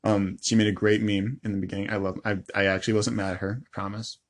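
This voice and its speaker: A woman's voice: rumbling low, little pitch movement, fast, a little hiss or hum. A young woman co-hosting a casual podcast, teasing her sister and laughing often. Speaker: podcast co-host.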